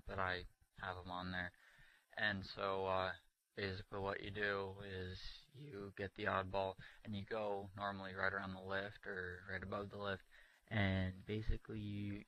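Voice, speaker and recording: Male caller, very low and monotone, hesitant with lots of uh's. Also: moderate pace, low-quality recording. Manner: hesitant, many fillers. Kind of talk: voicemail description of a custom game.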